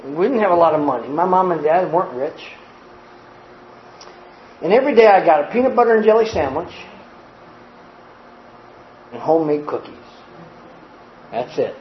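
High-voiced, folksy storytelling preacher. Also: male voice, normal speed, long pauses, lo-fi sound, a little hiss or hum. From grew up poor in a small family. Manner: animated, folksy storyteller who acts out scenes. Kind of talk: storytelling sermon.

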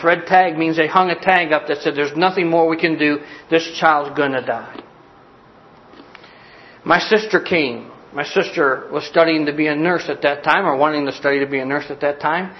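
A middle-aged man preaching a sermon as pastor, folksy and direct, swinging from loud urgent bursts to soft hushed lines. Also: a little high, highs cut off. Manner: folksy, talks straight to the listeners.

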